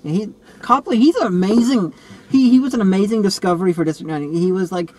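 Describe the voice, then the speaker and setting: A man in casual film review chat, rambling and animated, often restarting his sentences. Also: sits high, quick pace, poor audio. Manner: rambling, animated, self-correcting.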